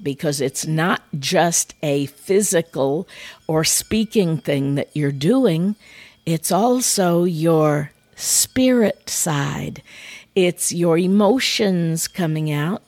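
A woman's voice: on the low side, dry recording. Folksy woman telling stories on a podcast. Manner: storytelling, folksy and expressive. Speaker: podcast host and speaker. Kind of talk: faith-based podcast monologue.

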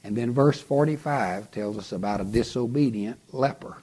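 A male pastor preaching a sermon, slow and dramatic, often dropping to a whisper for emphasis. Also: mid-range voice, a little mellow, slightly rough.

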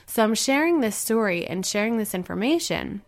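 A woman's voice: mid-range voice, sing-song, normal speed. Earnest woman podcast host. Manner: earnest, encouraging, storytelling. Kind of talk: podcast monologue with a told story.

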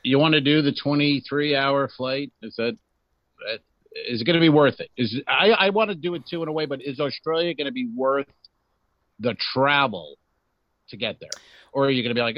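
A man's voice: medium pitch, brisk, no echo. A brash, sarcastic man co-hosting a comedy podcast who swears freely as he riffs. His voice sits in a mid register and comes through a dry, slightly dull microphone with no room sound. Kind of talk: casual comedic chat.

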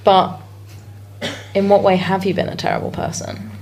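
A woman's voice: mid-range voice, little pitch movement, normal speed, darkish tone, slight background noise. A woman co-hosting a comedy podcast, bantering in a dry, mock-solemn, teasing way. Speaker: podcast co-host.

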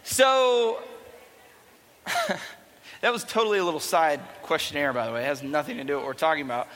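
A man's voice: fairly high pitch, a little fast, fairly bright tone. A young man giving a playful, chatty youth talk to a live audience in a large hall. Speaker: youth speaker.

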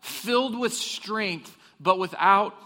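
Speaking slowly in a high, sharp voice, a pastor delivers a sermon in a church hall with long, echoing reverb. His style is humorous, full of funny anecdotes and questions aimed at the congregation.

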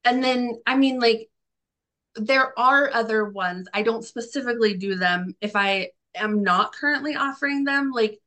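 A woman's voice: on the high side, moderate pace, bright, forceful tone. A woman salon owner as a podcast guest, talking in a rambling, self-deprecating way full of "like". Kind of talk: conversational podcast interview.

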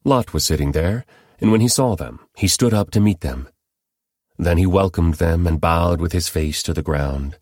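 A man giving a steady, measured scripted reading of scripture as narrator. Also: low voice, dry recording, studio quality. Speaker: Bible reader.

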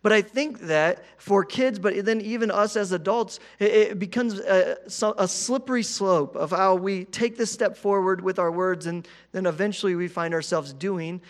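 A man's voice: sits high, normal speed, few pauses. A man in his thirties preaching a sermon in a conversational way, often repeating words and asking "right?". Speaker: pastor.

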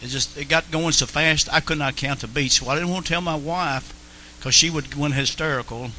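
A man shares his personal testimony with an earnest, storytelling delivery. His voice sits high and sounds strikingly bright and sharp, and he repeats phrases for emphasis. A faint hiss runs under the recording. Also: brisk, poor audio. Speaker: Christian testimony speaker.

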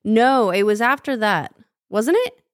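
A woman's voice: on the high side, lively intonation, measured pace, dry recording. Curious woman co-host in casual chat. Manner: curious, asks follow-up questions. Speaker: podcast co-host.

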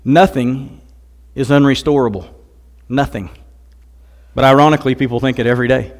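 A man's voice: mid-range voice, steady tone, rapid-fire. Older man preaching earnestly. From Missouri, USA. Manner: earnest preaching, rising to emphatic outbursts. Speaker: guest speaker. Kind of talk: sermon with personal testimony.

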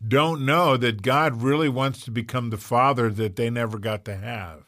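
A man's voice: medium pitch, moderate pace. A man in his sixties hosting a Christian talk show, telling stories with animation and frequent laughter. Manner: animated storyteller, laughs often. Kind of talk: faith-based conversation.

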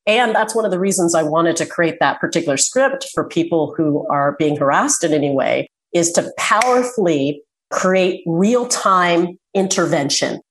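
A woman guest in a casual interview, speaking earnestly and slowing down to stress her points. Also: lowish voice, lively intonation, a little hiss or hum, low-quality recording. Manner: earnest, emphatic, slows for key points. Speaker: guest, communication coach.

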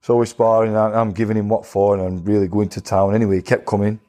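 A man's voice: lowish voice, little pitch movement, quick pace, mellow. A former boxer, telling his stories bluntly in a casual interview. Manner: blunt, plain-spoken, acts out quoted voices. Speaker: retired boxer guest.

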